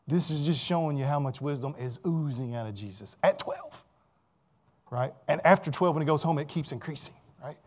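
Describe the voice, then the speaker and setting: A man's voice: fairly high pitch, a little fast. A man preaching a sermon in a conversational, emphatic way, often asking the listeners rhetorical questions.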